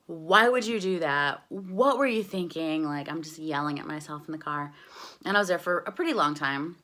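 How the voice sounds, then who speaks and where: A young woman telling a personal story in a casual, chatty way, full of "like" and lively quoted dialogue. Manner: chatty, animated, lots of "like", jumps high when quoting herself.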